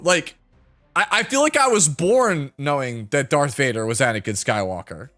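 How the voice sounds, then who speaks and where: A man's voice: medium pitch, animated, moderate pace, a bit bright. A man in his thirties, a streamer, telling a rambling story to his chat with lots of filler words and frequent laughter. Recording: faint music behind.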